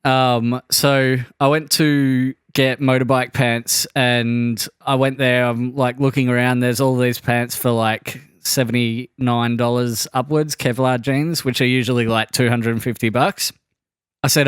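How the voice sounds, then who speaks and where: A man co-hosting a casual podcast, easygoing and quick to laugh as he tells a story. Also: mid-range voice, little pitch movement, clear, resonant tone, no room sound, studio quality. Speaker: podcast host. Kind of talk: casual chat.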